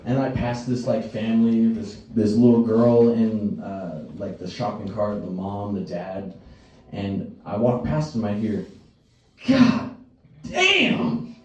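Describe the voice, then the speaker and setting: A young man's lowish, mellow voice stays steady and a little slow as he does stand-up on a comedy stage for a live audience. He tells crude, profane stories, acting out the voices of those involved. The recording is muffled, with a distant, roomy live sound.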